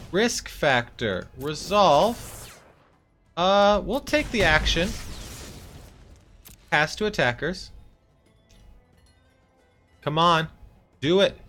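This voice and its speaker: Gameplay streamer, man, a bit high-pitched, chatty and jokey, soft music behind. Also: big pitch swings, takes it slowly, pauses often. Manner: chatty, talks to his opponent, mock-exasperated outbursts. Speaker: streamer playing a card game. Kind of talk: casual gameplay commentary.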